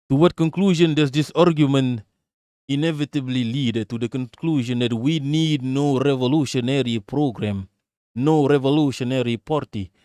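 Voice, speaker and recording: A man's voice: medium pitch, darkish tone, dry recording, clean studio sound. A man streaming, reading a text aloud in an emphatic, declamatory way with brief remarks of his own.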